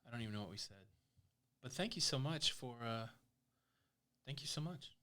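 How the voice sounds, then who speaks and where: Lively joking man on a live stream. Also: mid-range voice, normal speed. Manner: joking, teasing, reads viewer comments aloud. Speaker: cruise vlogger hosting a live stream. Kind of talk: casual live-stream chat.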